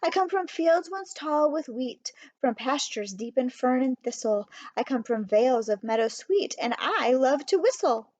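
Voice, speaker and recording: A woman reading a storybook who voices a gentle little hen bird, speaking softly and politely. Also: high voice, lively intonation, moderate pace, few pauses, dry recording. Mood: lilting. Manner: soft, poised, polite. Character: gentle young hen bird, soft and musical.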